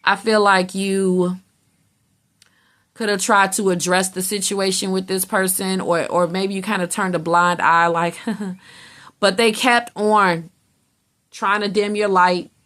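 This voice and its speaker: A woman's voice: mid-range voice, steady tone, slow pace, pauses often, a bit bright. A woman giving a casual tarot reading in a blunt, emphatic way, swearing freely and acting out how other people react. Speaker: tarot reader.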